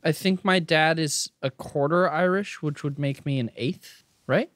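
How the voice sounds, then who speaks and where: A young man co-hosting a podcast in casual chat, goofy and excitable, laughing a lot. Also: on the high side, measured pace. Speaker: podcast co-host.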